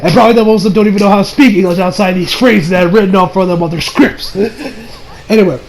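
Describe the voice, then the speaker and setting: A young man giving a casual, excitable anime review, swearing and laughing often. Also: high-pitched, quick pace, slight background noise.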